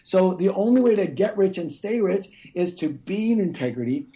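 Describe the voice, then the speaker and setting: A middle-aged man with a mellow, darker tone than his slightly raised pitch would suggest. He talks emphatically, like a teacher, and often turns to tell listeners to pay attention. The setting is a podcast interview. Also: lively intonation, normal speed. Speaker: guest author.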